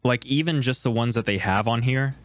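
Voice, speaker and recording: A man hosting a casual tech tutorial, explaining each step in a relaxed, conversational way. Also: mid-range voice, brisk, dry recording, studio quality. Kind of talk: casual screen-recorded tutorial.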